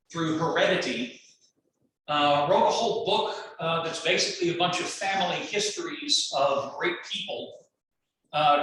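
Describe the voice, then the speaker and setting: Guy lecturing in a big echoey room, far from the mic, chatty and rambly, bright voice. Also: fairly high pitch, slight background noise. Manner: casual, chatty, digressive. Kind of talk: university lecture.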